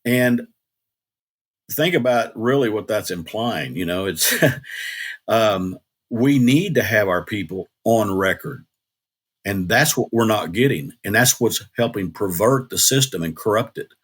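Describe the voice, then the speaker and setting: Older male guest, low-pitched, earnest and plain-spoken, rambling a bit. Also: expressive, a little slow, breathy edge. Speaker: guest, former state legislator. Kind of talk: casual interview talk.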